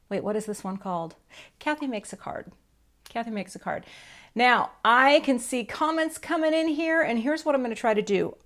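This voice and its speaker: A middle-aged woman hosting a casual live crafting stream, chatty and self-deprecating, rambling through asides. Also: fairly high pitch. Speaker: card-making channel host.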